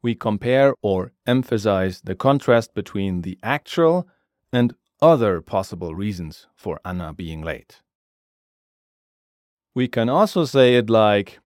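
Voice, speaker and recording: Slow, lively-voiced male language teacher. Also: fairly low pitch, no echo, studio quality. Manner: slow, measured, explains each word with its translation. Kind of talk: scripted grammar lesson narration.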